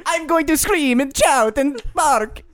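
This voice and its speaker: A man's voice: unhurried, a bit bright. A man doing a whiny childish dog creature. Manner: high whimpering wail.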